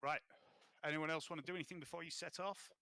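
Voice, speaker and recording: A man's voice: a little high, steady tone, fast, creaky, sharp tone, no room sound. A man casually running a tabletop role-playing game, hesitant with many ums and given to swearing. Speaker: game master.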